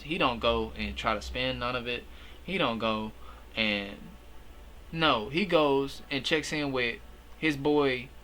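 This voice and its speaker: A young man giving a casual, slangy movie recap, animated and full of fillers. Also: medium pitch. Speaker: movie reviewer.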